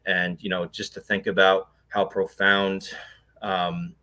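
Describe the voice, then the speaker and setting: A man speaks as an interview guest, telling a personal experience with earnest intensity. His voice sits a touch low, yet it sounds bright and tense. He rambles, stacking fillers and restarts as he goes. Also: level tone, takes it slowly. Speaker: guest, paranormal investigator.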